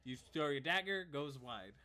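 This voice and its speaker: A man narrating combat as game master in a relaxed, chuckling way. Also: fairly high pitch, moderate pace, a crowd in the background.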